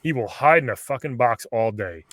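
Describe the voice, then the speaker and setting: A man's voice: medium pitch, lively intonation, fairly quick, fairly bright tone, no room sound, clean studio sound. A man hosting a podcast, interviewing a comedy character in a casual, playful way and laughing along. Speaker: podcast host.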